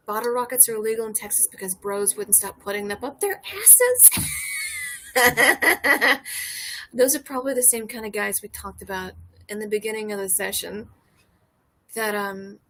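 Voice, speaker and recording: Husky-voiced woman telling candid stories. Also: mid-range voice. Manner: candid, profane storytelling with lots of fillers. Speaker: comedian. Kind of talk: casual chat. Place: outdoors on a porch.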